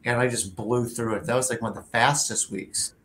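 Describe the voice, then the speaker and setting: A man hosting a career show, chatting casually, telling anecdotes and filling pauses with "like" and "you know". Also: mid-range voice, steady tone, fairly bright tone, a little hiss or hum. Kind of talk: casual interview chat.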